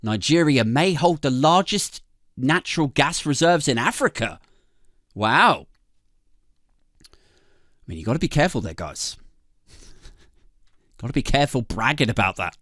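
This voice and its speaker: A man's voice: big pitch swings, measured pace, pauses often, fairly bright tone, no room sound, clean studio sound. A British man on a comedy podcast, ranting sarcastically, swearing and laughing as he talks. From Britain. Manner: sarcastic, swearing, laughing often, swooping pitch. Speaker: podcast co-host.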